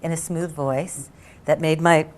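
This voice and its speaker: A middle-aged woman from San Diego, telling a comic anecdote as a game show guest and jumping to high squeals when she quotes herself. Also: unhurried, heavy background noise. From San Diego, California. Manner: animated, jumps to high squeals for quoted lines.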